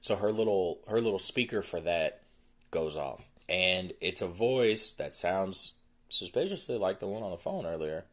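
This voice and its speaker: Low-voiced guy on a podcast, loose rambly plot recap, lots of "like"s. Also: expressive, normal speed. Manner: rambling, filler-heavy storytelling. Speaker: podcast host. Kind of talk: casual movie recap.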